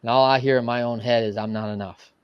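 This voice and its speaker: A middle-aged man telling a story as a podcast guest, animated and casual, often adding "man" and "right". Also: mid-range voice, fast, smooth, dry recording, lo-fi sound. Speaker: podcast guest, coach and entrepreneur. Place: podcast studio.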